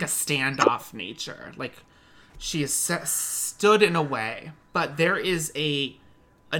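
Game master, bright forceful voice, loose rambling narration. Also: mid-range voice. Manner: rambling, searching for words, swears.

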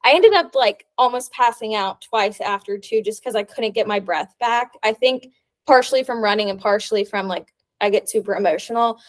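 A young adult woman co-hosting a podcast tells a long story in casual chat, her mid-range voice moving at a moderate pace. She's chatty and fills her talk with "like".

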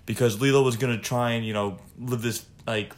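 A man chatting casually, retelling a film scene in a rambling, animated way with many fillers. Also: medium pitch, fairly quick. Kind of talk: casual chat.

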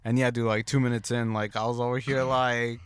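A man's voice: medium pitch, level tone, fast, clean tone. A young man telling stories in a casual podcast chat, laid-back and full of fillers. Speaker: podcast co-host.

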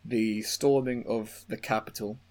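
A man's voice: lowish voice, steady tone, measured pace, darkish tone. A young British man hosting a casual chat, telling stories in a rambling way and laughing often. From United Kingdom. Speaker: podcast host.

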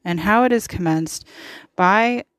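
A woman's voice: mid-range voice, a little slow, no echo, rough recording. A woman hosting a podcast, giving impassioned, opinionated political commentary with emphatic repetition. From United States. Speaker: podcast host.

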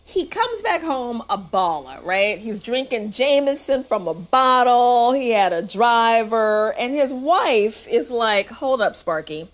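A woman's voice: fairly high pitch, expressive, slow, hardly any pauses. A woman giving a casual, sarcastic and playful recap of a movie. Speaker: movie reviewer.

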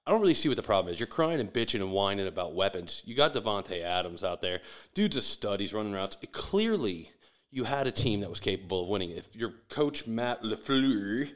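A man's voice: lowish voice, very animated, a little fast. A man delivering a profane, sarcastic sports rant with mocking asides.

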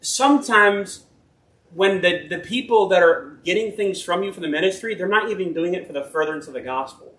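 A man with a notably high voice preaches an informal sermon in an echoing church hall. He reads scripture, then slips into personal stories. His delivery is folksy, earnest and rambling, and he often stops to correct himself. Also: fairly quick, fairly bright tone. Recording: roomy echo.

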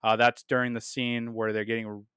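A man's voice: mid-range voice, level tone, normal speed, a bit bright, clean tone, no room sound, clean studio sound. A man reviewing a film in a casual podcast monologue, blunt and dismissive, with plenty of "um"s and "uh"s. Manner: blunt and dismissive, many fillers.

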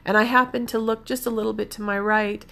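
Gravelly woman telling a heartfelt story. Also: a little high, level tone, fast talker, a bit bright. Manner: rambling, heartfelt, self-correcting. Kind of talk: personal storytelling.

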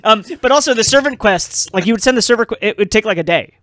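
A man's voice: high-pitched, lively intonation, quick pace, a bit bright. A young adult man co-hosting a podcast in casual gaming chat, rambling and hesitant, often restarting his sentences. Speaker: podcast co-host.

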